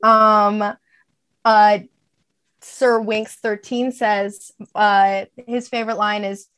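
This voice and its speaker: A woman on a group video chat, reading out audience comments in a slow, dry way. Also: mid-range voice, little pitch movement, fairly bright tone, clear, resonant tone, no echo.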